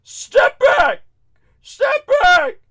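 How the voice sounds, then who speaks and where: A man playing a weepy cab driver who shouts and cries in a high strained voice. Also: sing-song, very slow, full character voice. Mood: shrieking. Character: weepy male cab driver, whining and shrill.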